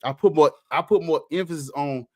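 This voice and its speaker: Fage: 2-8 words?. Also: male voice, a little high, a little fast, no echo, clean studio sound. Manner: blunt, profane, picks apart his own flow. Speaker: rapper playing his own songs. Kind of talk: casual commentary over his music. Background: faint hip hop beat.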